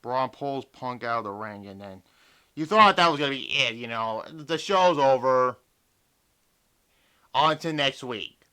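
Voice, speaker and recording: A man's voice: mid-range voice, expressive, measured pace, long pauses, pushed and bright, clean tone. A young man reviewing a wrestling show in a casual, exasperated rant full of swearing. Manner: profane, exasperated ranting.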